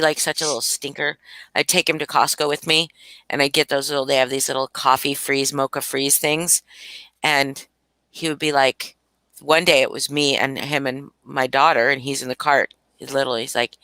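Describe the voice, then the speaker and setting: Older woman with a bright, forceful voice. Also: a bass voice, normal speed, dry recording. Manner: swears freely, laughs often, animated storytelling. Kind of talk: casual live-stream chat.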